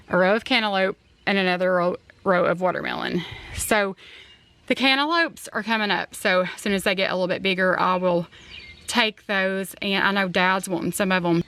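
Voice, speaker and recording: A woman's voice: medium pitch, a bit bright. A middle-aged woman chatting casually and earnestly to her vlog audience as a mother, with rambling asides. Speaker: family vlogger, mother. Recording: roomy echo, faint background noise.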